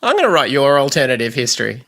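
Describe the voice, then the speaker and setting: A man, a guest friend on a podcast, chatting in an animated, gossipy way. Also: mid-range voice. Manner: animated, gossipy, quick to laugh. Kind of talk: casual chat.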